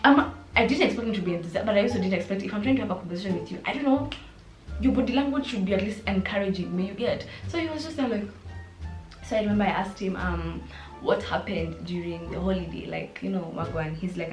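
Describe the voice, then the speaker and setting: A young Kenyan woman with a Kenyan accent, telling a casual storytime vlog and acting out the quotes with lively switches into Swahili slang. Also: medium pitch, quick pace, faint music behind. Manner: animated, mixes in Swahili and slang, acts out quotes. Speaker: vlogger. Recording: roomy echo.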